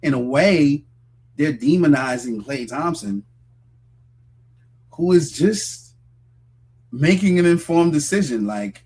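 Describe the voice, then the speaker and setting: A male host giving measured, moralizing commentary that speaks straight to his listeners. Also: fairly high pitch, expressive, a little mellow, slightly rough. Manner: measured, moralizing, direct address.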